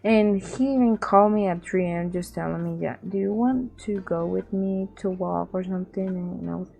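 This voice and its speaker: A woman's voice: medium pitch, normal speed, gravelly, dark tone, husky. A young woman with a Latin American accent, telling a rambling storytime in casual chat, repeating herself and acting out the people she quotes. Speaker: vlogger.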